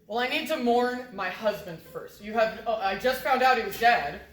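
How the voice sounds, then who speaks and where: A woman's voice: fairly high pitch, animated, moderate pace, natural voice. A woman playing a sweetly scheming widowed queen. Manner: falsely sweet, coy. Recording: roomy echo.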